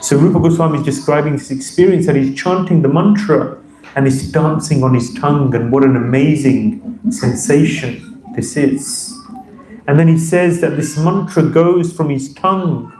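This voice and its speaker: Mellow-voiced man giving a devotional talk. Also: on the high side, echoey room, low-quality recording. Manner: reverent, reflective, recites verses. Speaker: speaker giving a talk on scripture. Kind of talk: devotional lecture.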